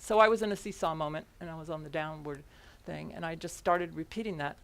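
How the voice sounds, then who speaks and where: Woman minister, sermon to the congregation, headset mic, lively storytelling with laughs. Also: fairly low pitch, creaky. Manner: animated storytelling with frequent laughs. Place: church service before a congregation.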